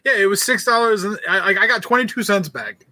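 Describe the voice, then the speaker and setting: A man with a bright, forward voice co-hosts a relaxed podcast chat. He pitches high and tells his story with loose, stammering restarts into a dry, close mic. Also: fast talker, no room sound. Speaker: podcast co-host. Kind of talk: casual chat.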